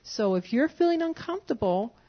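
A woman with a fairly high voice leads a church service in a relaxed, coaxing way, chuckling as she goes. The sermon comes through a dull, lo-fi recording. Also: fairly quick. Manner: conversational, coaxing, often chuckling. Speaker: pastor's wife leading a church service. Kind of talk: informal sermon talk to a congregation.

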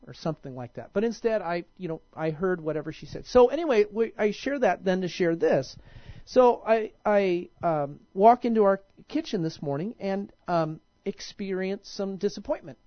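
A man's voice: sits high, expressive, moderate pace, no echo. A male pastor preaching in a casual, conversational way, often stopping and restarting his sentences. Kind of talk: sermon. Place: church. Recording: dull lo-fi recording.

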